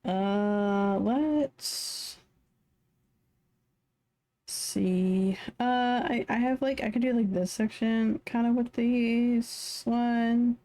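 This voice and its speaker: A woman's voice: on the high side, fairly even intonation, very slow, warm tone. A tired woman streaming live, mumbling to herself as she draws. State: tired, yawning. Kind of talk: casual live-stream commentary while drawing.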